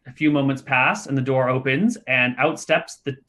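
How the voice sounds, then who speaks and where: A man narrating as game master, describing scenes in an easygoing, lively way. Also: medium pitch, normal speed.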